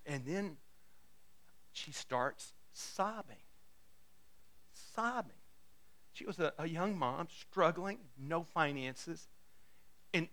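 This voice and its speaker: A male pastor delivers a sermon in a conversational, storytelling manner, often stumbling into quick restarts. His voice sits high for a man and has a bright, forceful edge. He sounds like he is speaking from the pulpit of a church.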